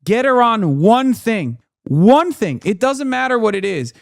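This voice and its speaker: A man's voice: sits high, sing-song, measured pace, creaky, dry recording, clean studio sound. A man giving blunt, profane, exasperated commentary on a live-stream reaction show. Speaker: political commentator.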